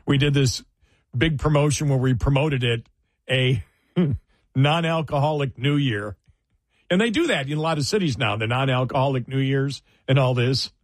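A man's voice: medium pitch, no room sound. An older male talk radio host in his sixties, speaking casually on air and stumbling through restarts and fillers as he reminisces. The studio sound is dry and close. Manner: halting, many fillers and restarts, laughs through stories. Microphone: studio microphone.

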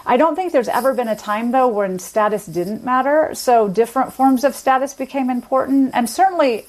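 A woman guest explaining the history of accents in a measured, academic way during an interview. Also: high-pitched, a little mellow. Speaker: linguist guest.

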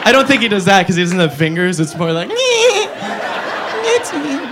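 Animated, foul-mouthed comedian woman on stage. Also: quick pace, a loud crowd, very noisy. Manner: profane, animated, swoops into high squeaky voices for characters. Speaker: stand-up comedian. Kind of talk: stand-up comedy set.

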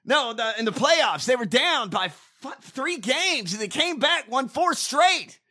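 A man ranting loudly on a podcast, swearing heavily as he goes. His high, bright voice jumps animatedly up and down, and he often shouts. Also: big pitch swings, measured pace. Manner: loud, ranting, heavy swearing. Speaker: podcast host. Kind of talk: profane political rant.

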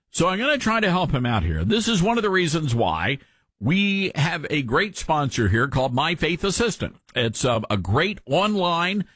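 A man's voice: fairly high pitch, fairly bright tone, no echo. A man hosting an opinion commentary show, indignant and preacherly, quoting scripture.

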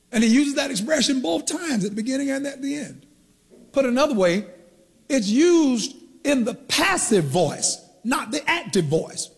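A man's voice: sits high, gravelly, slightly rough, in a large hall. A man preaching a teaching sermon, who asks the congregation questions and draws out the key words. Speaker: pastor.

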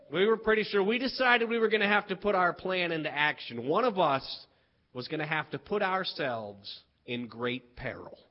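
A man from West Virginia telling a humorous story in a lively, animated way. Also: sits high. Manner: animated, lively delivery with playful character voices. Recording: dull lo-fi recording.

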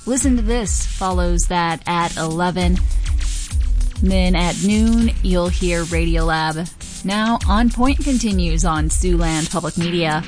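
A woman announcing for a local public radio station, reading sponsor and schedule notes in an even, businesslike way. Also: on the low side, slow, music in the background.

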